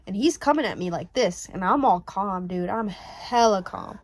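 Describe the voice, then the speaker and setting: Animated woman telling a story. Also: mid-range voice, moderate pace, few pauses. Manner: animated, emphatic retelling with slang. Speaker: family vlogger. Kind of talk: casual storytime.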